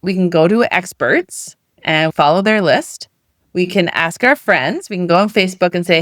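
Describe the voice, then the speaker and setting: A woman's voice: fairly low pitch, lively intonation, measured pace, no echo, clean studio sound. A middle-aged woman coach giving a motivational talk in a conversational way, full of rhetorical questions. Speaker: weight loss coach.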